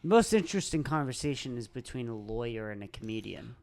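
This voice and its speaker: A comedian co-hosting a casual podcast, talking in a relaxed, easygoing way. He keeps agreeing with short yeahs and then offers his own takes. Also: mid-range voice, fast, vocal fry. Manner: laid-back, lots of short agreeing yeahs. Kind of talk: casual chat.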